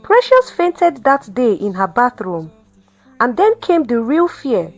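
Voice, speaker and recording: Woman telling a story, calm and steady, pitch goes up and down a lot, soft music under it. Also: takes it slowly. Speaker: storyteller and channel host. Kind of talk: scripted story narration.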